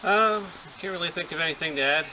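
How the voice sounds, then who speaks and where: Male guest, quick matter-of-fact talker, slightly high voice, recorded outdoors with noise. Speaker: guest collector. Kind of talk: casual chat. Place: outdoors by a car.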